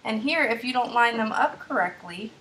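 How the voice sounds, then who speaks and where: A young woman teaching third-grade math in a bright, encouraging manner, her voice sitting a little high. She talks each step through aloud as she works problems for kids. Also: lively intonation, normal speed, slight background noise. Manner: upbeat, encouraging, walks through steps aloud. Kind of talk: screen-recorded math tutorial.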